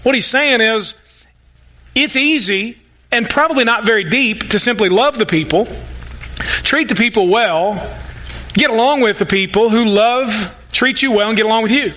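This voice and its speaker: A man's voice: extremely high pitch, moderate pace, bright, forceful tone. A male pastor preaching a sermon, folksy and emphatic, with joking asides and mock-sarcastic quotes.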